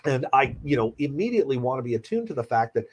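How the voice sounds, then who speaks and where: Husky middle-aged guy, a surgeon, calm reassuring talk, kinda breathy. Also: mid-range voice, rough recording. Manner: earnest, measured, reassuring. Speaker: pediatric surgeon. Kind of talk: podcast conversation.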